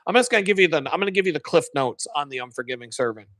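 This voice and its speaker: A man's voice: on the high side, animated, racing, a bit bright, no echo. A man hosting a live stream, casually retelling a sermon in a rambling, profane way and correcting himself as he goes.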